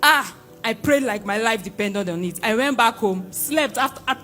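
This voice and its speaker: Nigerian woman, high voice, bright and sharp, exclaiming church testimony, faint music behind. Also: animated, normal speed. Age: young adult. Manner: exclamatory, repeats phrases, laughs and shouts.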